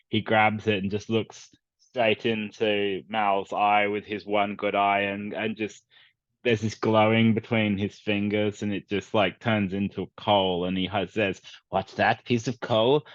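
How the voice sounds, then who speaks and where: A man's voice: on the low side, dry recording, muffled recording. A man playing a tabletop game, describing his move casually with many fillers. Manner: searching, casual, full of fillers. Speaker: player.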